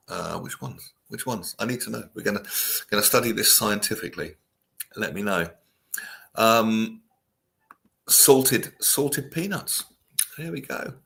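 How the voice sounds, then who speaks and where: A radio show host with a deep, fairly bright voice runs a casual chat show, joking around with listeners and reading their comments aloud in a chatty way.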